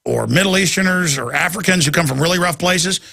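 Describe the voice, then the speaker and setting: A man's voice: high-pitched, fairly quick, gravelly, bright, forceful tone. A middle-aged man hosting a talk radio show, delivering a heated, ranting monologue with mocking asides.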